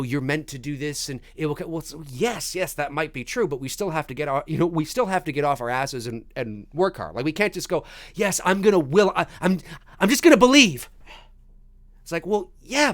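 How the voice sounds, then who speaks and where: A voice actor hosts a casual live stream from his home recording studio, rambling through viewer questions with many restarts and reading chat messages aloud. His voice is a little high and a bit bright, captured as clean studio sound with no echo.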